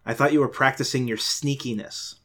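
A man's voice: mid-range voice, fairly even intonation, brisk, a bit bright, natural voice. A man voicing a dry, sarcastic teenage girl who can see ghosts. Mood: teasing.

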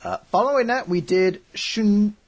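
A man's voice: sits high, unhurried. A man co-hosting a podcast, chatting casually and joking as he looks back on the series they covered. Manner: jokey, animated, laughs often. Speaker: podcast co-host.

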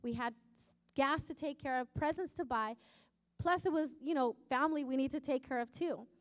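A woman preaching in a sermon, telling her story emphatically and swinging from hushed to loud. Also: high-pitched, normal speed, big-room sound. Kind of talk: sermon testimony.

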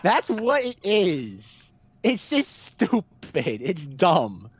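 A man's voice: sits high, wildly swooping pitch, drawn-out words, breathy edge, highs cut off. A man co-hosting a casual film podcast, emphatic and repeating his points with many fillers. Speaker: podcast co-host.

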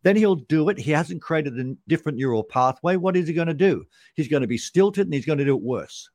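A man's voice: a little high, expressive, a little fast, darkish tone, no room sound. A man, a sales trainer explaining his method as a podcast guest, punchy and repeating key points for emphasis.

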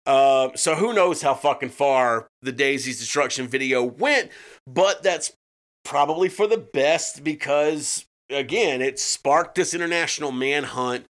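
A man's voice: medium pitch, unhurried, a bit bright. Profane man co-hosting a true-crime podcast. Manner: profane, with frequent restarts and fillers. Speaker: podcast co-host.

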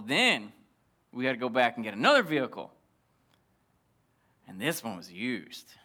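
A male pastor telling a comic story in a sermon, animated and acting out the dialogue. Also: medium pitch.

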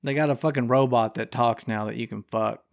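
This young man's voice is gravelly and medium-pitched, with fairly even intonation and a fairly quick pace. As a podcast host, he rants about the news in drawling slang, swearing heavily throughout.

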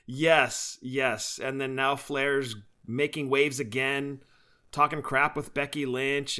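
Chatty co-host, male, bright and eager, upbeat casual podcast talk. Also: mid-range voice, flat delivery, slow, clear, resonant tone. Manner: enthusiastic, chatty, laughs often. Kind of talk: casual chat.

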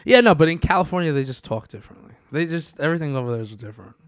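A young man with a New York accent hosting a podcast in animated, casual chat. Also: a little high, racing, smooth, no room sound, clean studio sound. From Long Island, New York. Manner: animated, chatty, trails off and restarts. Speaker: podcast host.

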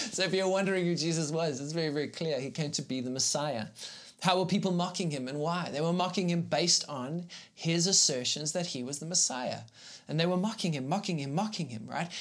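A man's voice: fairly high pitch, a bit bright. A man, a pastor teaching live online, talking conversationally, greeting viewers in the chat and reading scripture aloud with emphasis. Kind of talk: live-streamed Bible teaching.

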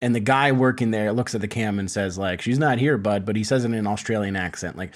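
Animated laughing man in podcast chat. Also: fairly low pitch, fast talker. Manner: animated, laughs often, swears casually. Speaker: podcast co-host. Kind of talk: casual film-review chat.

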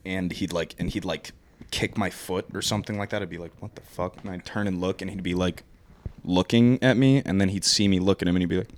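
Deep-voiced young man, hesitant rambling. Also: little pitch movement, fast talker, slight background noise. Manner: filler-heavy, hesitant storytelling with lots of "like". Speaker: podcast co-host. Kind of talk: casual chat.

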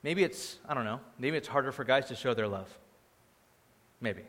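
A man preaching a sermon as the pastor, animated, acting out quoted voices, moving between loud bursts and quiet asides. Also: medium pitch, normal speed. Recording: long hall reverb.

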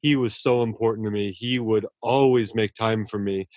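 A man being interviewed as a writer, talking earnestly and warmly about his mentors, often restarting his sentences. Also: on the low side, fairly even intonation, normal speed, no room sound. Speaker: author guest. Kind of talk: casual interview talk.

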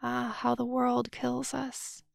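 A grieving older rabbi, read by a woman, lamenting in a slow, hushed half-whisper. The voice stays flat and heavy, with a gravelly texture. Dry and close in a storybook reading. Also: on the high side, no echo.

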